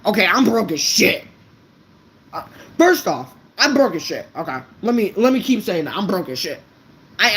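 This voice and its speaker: A woman's voice: mid-range voice, fairly bright tone, husky, rough recording. A woman vlogger ranting unscripted to her viewers, blunt and profane, stumbling over her words. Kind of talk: unscripted rant to camera.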